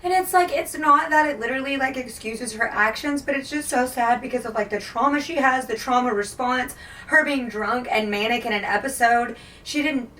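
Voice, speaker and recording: A woman's voice: high voice, moderate pace, few pauses, bright, forceful tone, far from the mic. A woman book vlogger reacting emotionally to a novel in casual talk, gushing and full of "like". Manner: gushing and emotional, heavy filler "like". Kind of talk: casual reading-vlog reactions.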